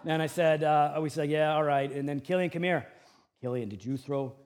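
A pastor in his thirties preaching a sermon, with a humorous storytelling manner and lively shifts. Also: a little high, moderate pace.

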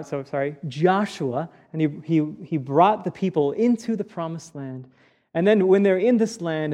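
A man's voice: on the high side, warm tone. A man preaching a sermon as a pastor, first reading a psalm aloud, then explaining it in an earnest teaching manner with frequent restarts. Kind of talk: scripture reading.

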